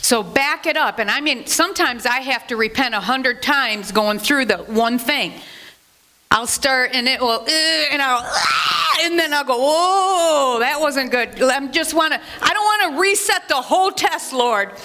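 A woman's voice: high-pitched, normal speed, sharp tone. A woman giving a casual sermon as a Bible teacher, chatty, asking herself questions and answering them.

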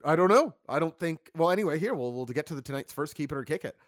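A man co-hosting a casual wrestling review stream, talking in an animated, chatty way and reacting to viewer chat. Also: fairly high pitch, fast, no echo, clean studio sound.

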